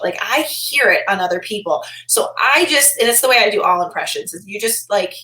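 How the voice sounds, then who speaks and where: A woman chatting as a podcast guest, rambling with lots of "like" fillers and animated quoting. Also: mid-range voice, fairly quick, hardly any pauses. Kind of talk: casual interview chat. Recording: roomy echo.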